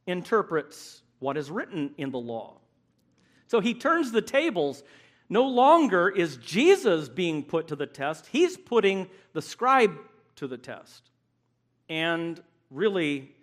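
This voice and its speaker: A man preaching a sermon, emphatic and animated, acting out the voices he quotes. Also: a little high.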